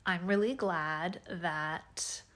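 Woman, 30s, solo podcast host; slightly low pitch, hesitant, soft-spoken delivery full of fillers. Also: very slow. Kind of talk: casual personal podcast monologue. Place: home bedroom.

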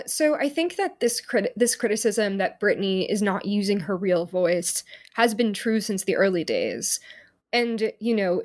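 Woman author in interview, articulate but filler-heavy, conversational. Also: medium pitch. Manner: articulate, frequent fillers like "you know" and "um". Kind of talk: interview answers.

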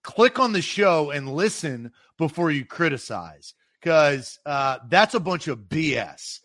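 A man from the Nashville area of Tennessee co-hosts a casual sports talk podcast with a slight Southern American accent. His voice is a little high, sing-song, a bit bright and a little slow, and he gets heated when irritated.

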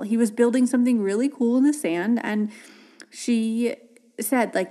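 A woman hosting a parenting podcast, talking casually and gently, often acting out soft reassuring dialogue with children. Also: fairly high pitch, moderate pace. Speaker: podcast host, parenting educator. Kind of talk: casual solo podcast talk.

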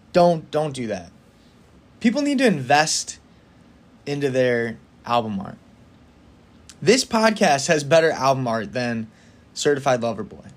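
A man hosting a solo podcast in a casual, opinionated way, talking fast with excited bursts. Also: mid-range voice. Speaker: podcast host.

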